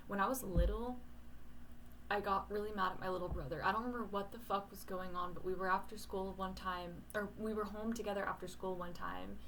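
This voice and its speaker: A woman's voice: medium pitch, slight background noise, low-quality recording. A young woman in casual talk to camera, rambling and candid, swearing casually, talking at home at night.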